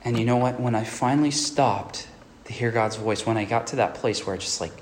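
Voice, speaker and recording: A male pastor giving an earnest sermon who often checks in with a quick "right?". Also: mid-range voice, a little hiss or hum.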